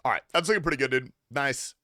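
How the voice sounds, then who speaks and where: A man's voice: medium pitch, quick pace, sharp tone, no echo. A young adult man streaming a game, talking casually with loose, profane, teasing banter to his chat on a close desk mic. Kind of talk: casual gaming livestream commentary.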